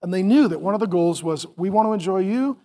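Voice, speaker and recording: A middle-aged man preaching a sermon to parents, animated and acting out family scenes, then dropping to a soft calm voice. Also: high voice, quick pace. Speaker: pastor.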